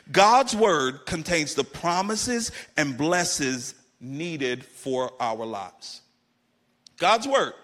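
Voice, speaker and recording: Man, middle-aged pastor, sermon, high voice, repeats key phrases with emphasis. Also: fairly bright tone.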